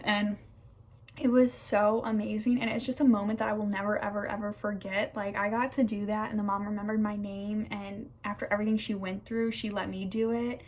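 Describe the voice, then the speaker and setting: A woman's voice: mid-range voice, little pitch movement, fairly quick. A young woman in her twenties, a nursing student, telling a personal story in a casual vlog, gushing and enthusiastic with lots of fillers. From United States.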